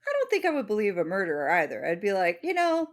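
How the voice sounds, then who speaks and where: A woman co-hosting a podcast, presenting the episode's topic in casual chat, animated and swearing freely. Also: lowish voice, fast talker. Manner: animated, swears freely, acts out little voices.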